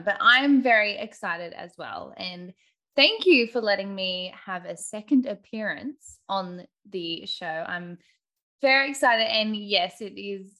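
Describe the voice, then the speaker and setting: A woman's voice: mid-range voice, sharp tone. A young woman with an Australian accent, a podcast guest chatting in a friendly, cheerful, slightly scattered way. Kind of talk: casual interview chat.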